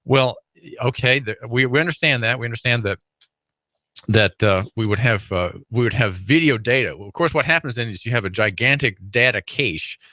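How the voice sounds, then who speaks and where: A man's voice: medium pitch, moderate pace, bright, forceful tone, no room sound. A man hosting a talk radio show, rambling through a monologue with many fillers, restarts and wry chuckles. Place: radio studio.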